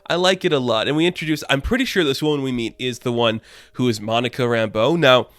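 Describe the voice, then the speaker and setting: Excited rambling young male reviewer. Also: mid-range voice, fast, no echo. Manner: enthusiastic, rambling, lots of "like". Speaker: YouTube reviewer. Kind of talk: casual TV episode review.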